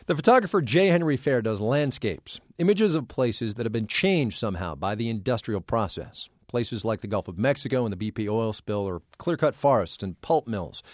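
A man's voice: medium pitch, no room sound, clean studio sound. A man hosting a radio news program, introducing and interviewing a guest conversationally. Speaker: radio host.

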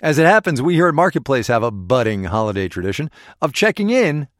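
A man's voice: medium pitch, big pitch swings, fast, fairly bright tone, no echo, clean studio sound. A man hosting a radio news program, reading scripted lines with wry, playful asides.

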